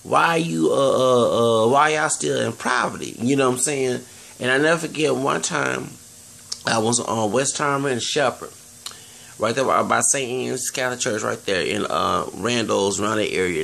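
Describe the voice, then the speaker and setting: Very gravelly Texan man rambling. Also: medium pitch, bright, forceful tone. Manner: earnest, digressive, many restarts and fillers. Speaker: vlogger. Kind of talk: rambling monologue to camera.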